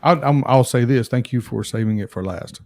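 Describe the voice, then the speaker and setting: Mellow-voiced man, hesitant and dry. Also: medium pitch, moderate pace, no echo. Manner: hesitant, self-correcting. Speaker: guest taster. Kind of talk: casual chat.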